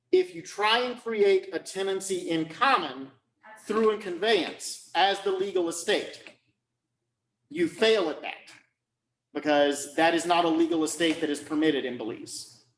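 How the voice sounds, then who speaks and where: A male law lecturer talks slowly and deliberately, in a slightly higher register than most men. He keeps pausing to ask if the point landed and repeats himself to drive it home. The sound is roomy and echoey. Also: animated, a bit bright. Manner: checks understanding often, repeats phrases.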